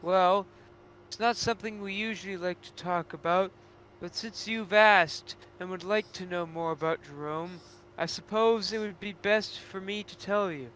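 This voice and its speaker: Kindly cartoon engine, high and bright, voiced by a man. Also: normal speed, a little hiss or hum. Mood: earnest. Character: calm male toaster engine, Bill.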